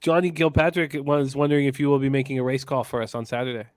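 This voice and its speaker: A man's voice: mid-range voice, level tone, fast. A man hosting a sports betting radio show, upbeat, plugging upcoming shows and greeting listeners by name. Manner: upbeat, plugs shows, reads chat names. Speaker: host.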